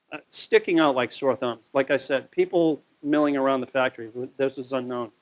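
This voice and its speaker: Guy walking through old photos at a library talk, kinda high-ish voice, easygoing storyteller. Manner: conversational storytelling with frequent fillers. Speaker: local history presenter. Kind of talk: slide-show history talk.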